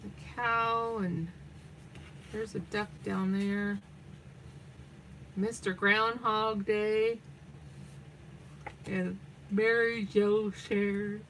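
A woman's voice: mid-range voice, flat delivery, extremely slow, pauses often, a bit bright, slight background noise. An older woman hosting a crafting livestream, chatting in a meandering way while she cuts out pictures and reads a children's story aloud.

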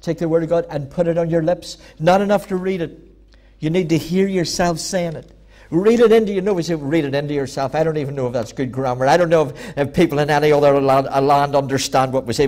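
A man preaching a church sermon, emphatic and repetitive, building to loud peaks. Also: fairly high pitch. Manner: emphatic, repeating phrases, rising to loud peaks. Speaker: pastor.

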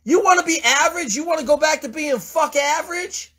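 A man's voice: very high voice, fairly quick, fairly bright tone. A man mentoring a caller in a blunt, profane, confrontational lecture. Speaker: host mentor.

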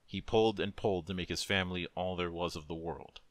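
A man who is a streamer reads a dark fantasy story aloud with a solemn, emotive, measured delivery into a close microphone. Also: deep voice, fairly even intonation, dry recording. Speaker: narrator, streamer. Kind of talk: dramatic story reading.

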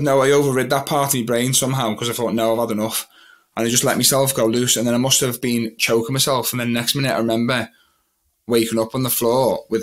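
A young man, a magician talking about his own past as an interview guest, rambling a little and quoting his own thoughts. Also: mid-range voice. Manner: rambling, with many restarts and quoted thoughts. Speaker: guest, magician and mental health advocate. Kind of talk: candid personal storytelling in an interview.

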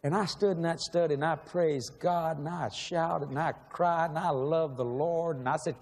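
A man's voice: on the high side, moderate pace, hardly any pauses, a little mellow. A man preaching a sermon in a large church, emotional and pleading, asking the same questions again and again. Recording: long echo of a large hall.

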